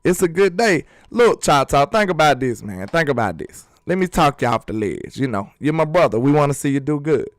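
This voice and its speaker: A man's voice: on the high side, big pitch swings, brisk, few pauses, no echo, studio quality. A man hosting a sports channel in a casual live-stream chat, talking loosely and reading viewers' comments aloud.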